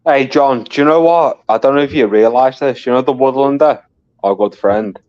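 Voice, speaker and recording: This live stream guest has a mid-range, somewhat dark voice, speaks at a moderate pace, and sounds dry in the recording. He swears, laughs often, and tells stories in a casual chat captured in dull lo-fi audio.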